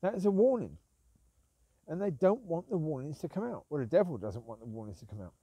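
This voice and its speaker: A man's voice: a little high, big pitch swings, a little fast, mellow, breathy edge, no echo. A man talks casually about ministers and sin while out walking his dogs, rambling and breaking off to call to them. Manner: rambling, calls out to his dogs between points. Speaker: Christian talk vlogger. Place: outdoors on a walk.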